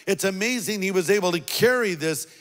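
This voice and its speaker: Pastor guy preaching, fairly high voice, slow and emphatic, big reverb-y hall. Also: expressive, fairly bright tone, faint music behind. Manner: earnest, deliberate, emphatic. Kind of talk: sermon.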